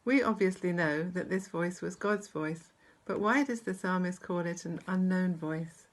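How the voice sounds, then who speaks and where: A woman with a British accent gives a short devotional, her voice sitting a little low. She reads scripture and reflects on it in a measured, gentle way. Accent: British English. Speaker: church speaker.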